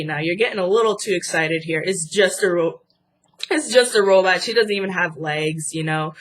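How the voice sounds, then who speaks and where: A woman's voice: fairly low pitch, normal speed. A young woman hosting a casual vlog, chatty and indignant with lots of fillers, sounding stuffy from a cold. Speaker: channel host.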